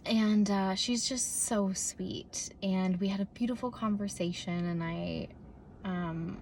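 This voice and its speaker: A young woman talks into a phone propped up in her parked car, rambling through a casual vlog with plenty of fillers and restarts. Her voice is soft and mellow. A faint hum of ambient noise sits behind her. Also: medium pitch, fairly even intonation, slow pace. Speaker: vlogger.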